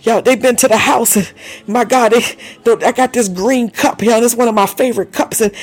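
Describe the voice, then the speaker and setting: A man's voice: very high voice, fairly even intonation, a little fast. A man preaching an emotional sermon, exhorting his listeners, laughing often and breaking into tongues between lines. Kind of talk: fiery sermon.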